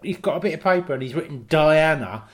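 A man's voice: fairly high pitch, lively intonation, fast. A man co-hosting a comedy podcast, telling an improvised story and checking in with "right?". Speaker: podcast co-host.

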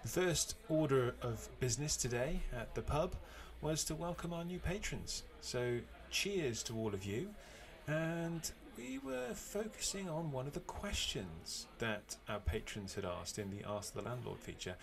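A man's voice: mid-range voice, very animated, a little slow, creaky, hardly any pauses. A British man hosting a podcast from home, chatting easily with restarts and fillers. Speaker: podcast host. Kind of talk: casual chat and scripted episode intro. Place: home, remote call.

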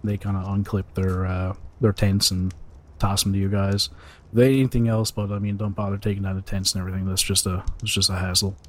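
Low-voiced male dungeon master. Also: flat delivery, fairly quick. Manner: casual, loose narration with many fillers. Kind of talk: narrating a tabletop game.

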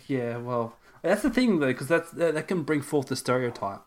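A man co-hosting a casual podcast chat, calm and brief, mostly chiming in with short replies. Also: medium pitch, normal speed. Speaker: podcast co-host.

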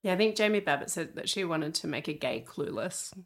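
A woman's voice: low-pitched, animated, a little fast. A woman co-hosting a podcast, enthusiastic and steering the casual chat. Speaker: podcast co-host.

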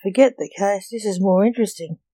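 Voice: mid-range voice, brisk, mellow, no room sound, lightly acted, rough recording. A reader doing a blunt, curious red fox. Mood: probing.

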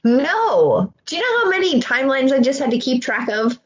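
Young woman, podcast co-host, husky, animated, profane, muffled recording. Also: high-pitched, normal speed. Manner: animated, swears freely, acts out her own reactions. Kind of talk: casual chat.

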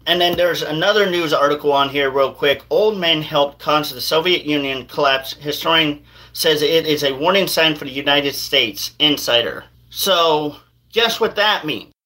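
A man's voice: a little high, normal speed, sharp tone, low-quality recording. A man hosting a podcast in casual news commentary, rambling and hedging every claim with "allegedly". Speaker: podcast host.

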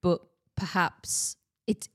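Woman, chatty podcast co-host. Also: slow. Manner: chatty, giggly. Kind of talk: casual podcast chat.

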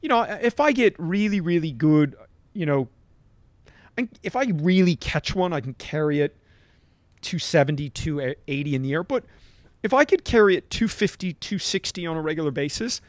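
A man's voice: a little high, animated, moderate pace, no echo. A middle-aged man, a golf coach on a podcast, telling stories emphatically and checking in with "right?". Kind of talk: animated anecdote-telling in conversation.

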